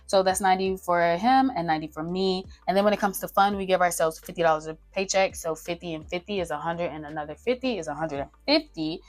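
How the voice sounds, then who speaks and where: Chatty woman vlogger, low voice. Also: fast, few pauses. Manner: chatty, talks straight to her viewers, counts aloud. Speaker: budgeting vlogger. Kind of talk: casual talk-through while writing a budget. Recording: faint music behind.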